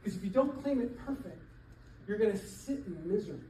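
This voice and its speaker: A man's voice: sits high, brisk, slight background noise. Emphatic man coaching a roomy hall. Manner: emphatic, animated, laughs between points. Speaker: real estate coach. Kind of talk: motivational seminar talk. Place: church hall with an audience. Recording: echoey hall, voice from far off.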